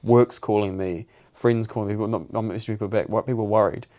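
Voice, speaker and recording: A man's voice: on the low side, steady tone, quick pace, dark tone. A young man, telling a personal story on a podcast in a blunt, sweary way. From New Zealand. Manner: blunt and sweary, peppering speech with "bro". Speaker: podcast co-host.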